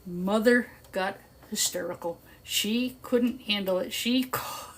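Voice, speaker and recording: A woman's voice: medium pitch, slow pace. An older woman hosting a live stream, telling a long story in a casual, chatty way and laughing often. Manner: chatty, laughs often, animated when quoting others. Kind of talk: casual storytelling while working. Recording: clear background noise with clicks.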